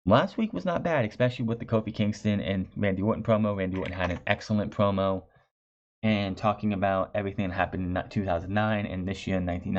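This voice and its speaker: A man's voice: on the low side, a little mellow. A man reviewing a wrestling show in a chatty, sarcastic way, often restarting his phrases. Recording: dull lo-fi recording.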